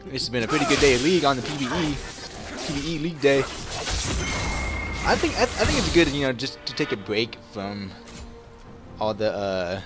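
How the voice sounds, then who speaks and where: A man giving live commentary while playing a video game, excitable and playful, trash-talking his opponents. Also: mid-range voice, normal speed, long pauses. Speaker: gamer. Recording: game music loud under the voice. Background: game music.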